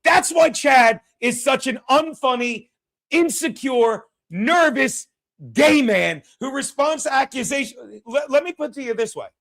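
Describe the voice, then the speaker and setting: A man with a very high-pitched voice hosts a casual talk show. He rambles through anecdotes, swears freely and acts out other people's lines. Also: expressive, measured pace, fairly bright tone. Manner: profane, ranting, acts out quotes. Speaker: podcast host. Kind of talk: casual storytelling chat.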